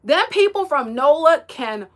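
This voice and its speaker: A woman's voice: high-pitched, expressive, unhurried. A young woman from the US East Coast hosting a casual livestream, chatting and giggling as she reads viewer comments aloud. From United States, East Coast. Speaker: livestream host.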